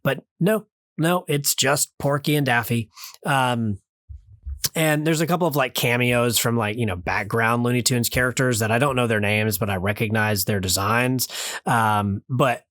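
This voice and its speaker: A man's voice: mid-range voice, steady tone, moderate pace, a bit bright, no echo. Rambling man with a dry, close sound. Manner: rambling, hesitant, many fillers and restarts. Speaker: podcast co-host reviewing a film. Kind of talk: casual review chat. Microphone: remote call mic.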